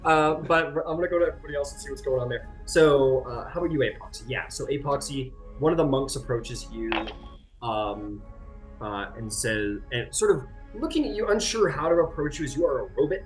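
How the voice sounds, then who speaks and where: A man's voice: mid-range voice, animated, fairly quick, faint music behind. A man running a tabletop game as game master, narrating in a rambling way full of fillers and restarts.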